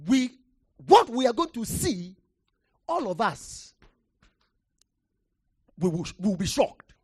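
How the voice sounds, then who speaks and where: A preacher giving a sermon, shouting key phrases, then dropping to near quiet and calling on listeners to respond. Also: medium pitch, very animated, takes it slowly, slightly rough, no room sound, clean studio sound. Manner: impassioned, shouting for emphasis with sudden drops to quiet; calls for audience response.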